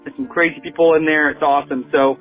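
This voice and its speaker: A man's voice: fairly high pitch, steady tone, fast talker, faint music behind. A man leaving an eager voicemail, urging other listeners to support the show. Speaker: caller. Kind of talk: phone voicemail. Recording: tinny phone line.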